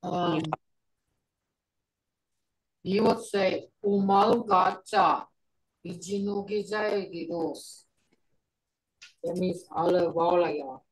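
Woman, language teacher on a video call, patient and slow, repeats words for learners. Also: fairly low pitch, steady tone, low-quality recording. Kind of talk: online language class.

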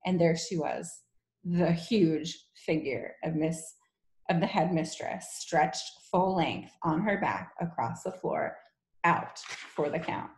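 A woman's voice: on the low side, slow pace. Woman teacher reading a children's book aloud. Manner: expressive, gentle read-aloud. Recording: echoey room.

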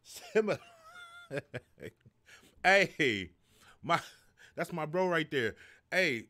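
A middle-aged man hosting a casual live stream, his pitch swinging up and down as he talks. He jokes, curses freely and reads viewers' chat aloud. His voice sits a little high for a man. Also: sing-song, very slow, bright, forceful tone. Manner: loose, profane, joking, reads chat aloud. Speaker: live show host.

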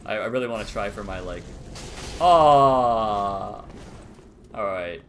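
Lively young man commenting on gameplay. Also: fairly low pitch, slow pace, a little hiss or hum. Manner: playful, laughs a lot, sudden excited yelps. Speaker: gaming YouTuber.

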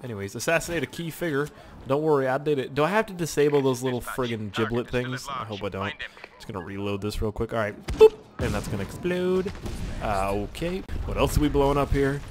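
A man's voice: mid-range voice, brisk, a crowd in the background. A young man rambling through casual gameplay commentary, swearing often and yelping at the game. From Canada. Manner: rambling, swears a lot, yelps and shouts at the game. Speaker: gaming YouTuber.

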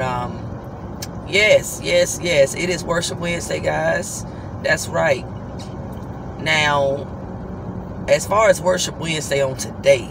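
A tired woman, worn out after an all-night shift, gives a casual devotional talk to her viewers, chatty and full of "guys" and "you know.". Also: low voice. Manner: loose, conversational preaching with repeated "guys" and "you know". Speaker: vlogger hosting a weekly worship talk. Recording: clear traffic noise behind.

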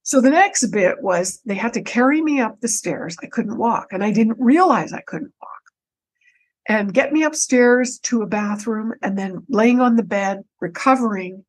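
A woman guest on a podcast, telling a personal story in an animated way, with frequent restarts and repeated words. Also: on the high side, normal speed, low-quality recording. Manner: animated, breaks into her own quoted speech.

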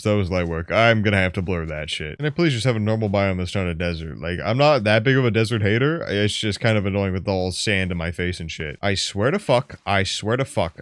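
A young man doing profane gameplay commentary, swinging from low mutters to loud yelps. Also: dry recording. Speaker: gaming YouTuber.

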